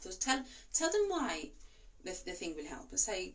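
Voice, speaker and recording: Calm woman coaching breathing, a bit distant. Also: on the low side, normal speed. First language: not English. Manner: calm, reassuring, demonstrates breaths. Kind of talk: instructional talk to camera.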